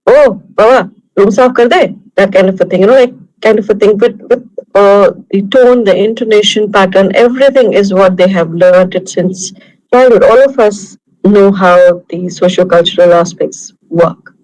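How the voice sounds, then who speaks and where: A woman's voice: mid-range voice, moderate pace, darkish tone, rough recording. Indian woman lecturing over a video call. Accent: Indian English. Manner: conversational, anecdotal, talks through examples. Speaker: guest lecturer. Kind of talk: online lecture.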